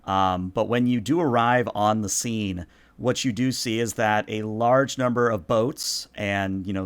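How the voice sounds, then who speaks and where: Low-voiced man narrating as game master. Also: no echo. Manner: relaxed, meandering narration with fillers.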